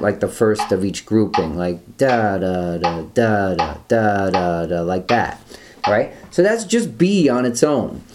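A man teaching guitar rhythms, explaining step by step in a relaxed way and counting beats aloud. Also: medium pitch. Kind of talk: instructional talk with counting.

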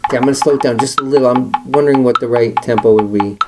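A man giving a one-on-one rhythm lesson as a music teacher, patiently explaining and chanting counting syllables in steady beats. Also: medium pitch, rapid-fire. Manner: patient, encouraging instruction. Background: loud instrument music playing.

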